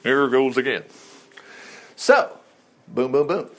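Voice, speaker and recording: A man's voice: mid-range voice, lively intonation, slow. A man teaching a Bible lesson in a casual, folksy way, full of asides and rhetorical questions.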